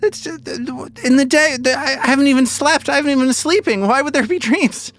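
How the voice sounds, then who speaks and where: A man voicing a frantic, possessed young girl who stammers through shrill, broken outbursts. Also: brisk, fairly bright tone. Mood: mocking.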